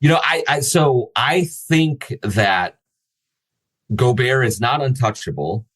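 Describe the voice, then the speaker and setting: A man's voice: mid-range voice, expressive, slow, a bit bright, husky, low-quality recording. A man hosting a sports podcast, talking things through casually with many fillers and restarts. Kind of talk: casual analytical chat.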